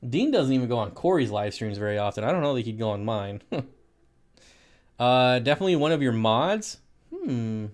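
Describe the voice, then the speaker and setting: A man's voice: medium pitch, big pitch swings, normal speed. Casual man hosting a live stream. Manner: chatty, answers viewer comments with frequent laughs. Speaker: aquarium live stream host.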